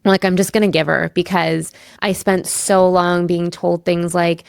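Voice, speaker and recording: A woman's voice: fairly low pitch, level tone, measured pace, gravelly, clear, resonant tone, no room sound, studio quality. A woman from Canada in her thirties, a lawyer and podcast guest, telling personal stories in candid, emotional casual chat, full of "like". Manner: candid, emotional storytelling with frequent "like".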